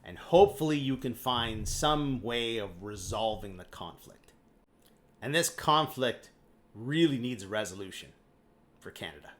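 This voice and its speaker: A man talking through market news in a casual explainer monologue. His pitch swings up and down a lot as he explains things. He is blunt and animated, and he swears now and then. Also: a little slow. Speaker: finance commentator.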